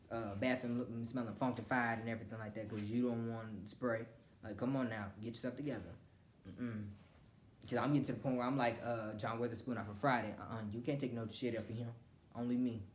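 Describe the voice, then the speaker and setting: A woman's voice: very deep voice, a little mellow, echoey room, slight background noise. A woman ranting casually to camera, blunt and profane, acting out what other people said. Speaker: vlogger.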